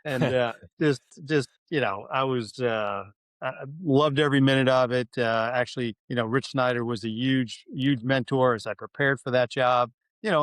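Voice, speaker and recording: A middle-aged man from New York recounts his career in an earnest, conversational way, stopping and restarting his sentences often. His voice is smooth and clear at an average pitch. The recording is dry and close, with no room sound. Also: fairly bright tone, dry recording. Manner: frequent restarts and fillers, earnest. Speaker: university president, guest. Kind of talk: conversational storytelling.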